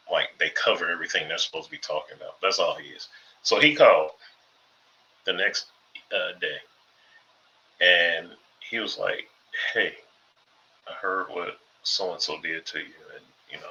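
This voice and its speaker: A very deep-voiced man with a bright, forceful edge tells a story in a relaxed, chatty way, filling his sentences with "you know" and "like". The sound is a little dull and lo-fi, with a faint hiss of noise behind him. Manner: laid-back, conversational, many fillers. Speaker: ex-Jehovah's Witness commentator. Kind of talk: casual storytelling monologue.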